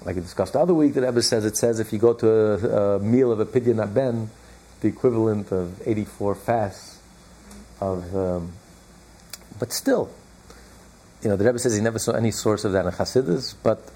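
A man's voice: mid-range voice, moderate pace, dark tone, breathy edge, rough recording. A man teaching a text to a small study group, emphatic, repeating his key points and chuckling now and then. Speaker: Torah class teacher.

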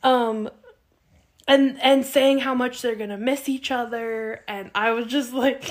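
Chatty woman recapping with animated retelling. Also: on the high side, measured pace. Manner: animated storytelling, acts out quotes. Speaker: podcast co-host. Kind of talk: casual TV recap chat.

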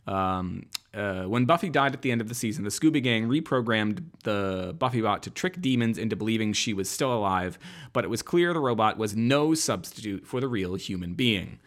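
A man's voice: on the low side, animated, moderate pace. A man co-hosting a casual podcast, rambling with lots of fillers. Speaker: podcast co-host. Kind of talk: casual chat.

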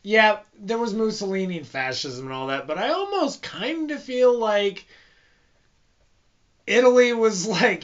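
Male podcast co-host, high and bright, wry teasing delivery, lo-fi sound. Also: measured pace. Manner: teasing, wry, deadpan ribbing. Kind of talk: casual comedic chat. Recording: dull lo-fi audio.

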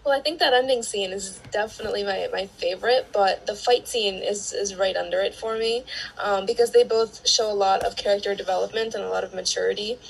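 A woman guest on a podcast, giving thoughtful views on a film with frequent filler pauses. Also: medium pitch, steady tone, vocal fry, husky, rough recording. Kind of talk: casual film discussion.

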